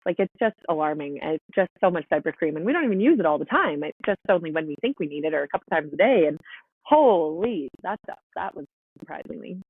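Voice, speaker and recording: A woman's voice: deep voice, expressive, quick pace, husky, no echo. A woman, a podcast guest and mother of quadruplets, telling her story in a frank, chatty, emphatic way over a remote call. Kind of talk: casual storytelling interview. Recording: tinny phone-like line, dry.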